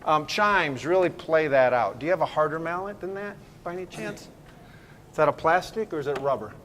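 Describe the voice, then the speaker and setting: A man leading a school band rehearsal, giving brisk, encouraging directions, counting off and singing phrases to show how they should sound. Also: on the high side, a bit bright, a little hiss or hum. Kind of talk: ensemble rehearsal instruction.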